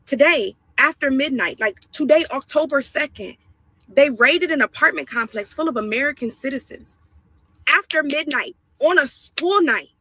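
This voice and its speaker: A woman's voice: sits high, pushed and bright, no room sound, poor audio. A woman speaking in an emotional online video, distressed and pleading. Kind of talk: emotional social-media video.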